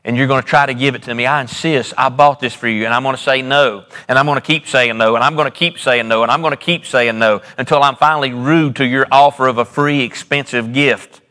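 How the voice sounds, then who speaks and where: A man's voice: medium pitch, steady tone, fairly quick, few pauses, pushed and bright, in a large hall. A male pastor delivering a sermon in a church, preaching with repetition and sudden rises and drops in his voice. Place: church sanctuary.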